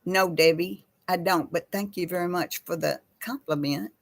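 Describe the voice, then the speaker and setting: An older woman chatting casually with live viewers in a slow, folksy way. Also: fairly low pitch, vocal fry. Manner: slow folksy talk, baby voice to her pets. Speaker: host of a live chat with viewers. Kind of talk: casual live-stream chat reading viewer comments.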